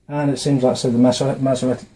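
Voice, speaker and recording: A man talking casually to camera from his notes, often pausing with fillers and restarting his words. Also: mid-range voice, flat delivery, warm tone, poor audio. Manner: hesitant, with frequent fillers and restarts. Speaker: video maker explaining a religious topic. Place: indoors, dim room. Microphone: camera mic, facing camera.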